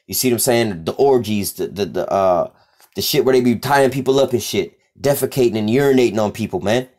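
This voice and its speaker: A man teaching scripture casually, reading verses aloud slowly and commenting bluntly with street profanity. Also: fairly low pitch, darkish tone. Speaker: religious teacher.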